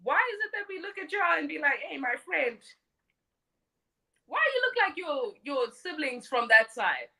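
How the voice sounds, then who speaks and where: A woman in her thirties talking straight to her live stream audience, blunt and scornful, often mocking people in silly voices. Her voice sits high and swings widely in pitch, with a bright, sharp edge. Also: animated, a little fast, few pauses, low-quality recording. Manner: blunt and mocking, mimics others. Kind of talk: opinionated live stream monologue.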